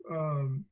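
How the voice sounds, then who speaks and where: The sound is phone-quality as a male college instructor with a fairly high voice teaches over a video call. He talks casually, often restarting and using fillers.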